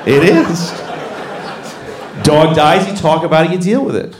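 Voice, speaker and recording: A middle-aged man doing stand-up comedy, animated, often breaking into loud character voices. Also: a little high, a little slow, crowd noise. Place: comedy club stage. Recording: echoey venue with noisy ambience.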